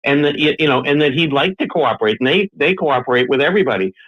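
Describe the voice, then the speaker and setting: Halting man on a dull line. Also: a little high, expressive, breathy edge. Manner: halting, repeats words while building a point. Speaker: podcast guest. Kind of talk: casual debate.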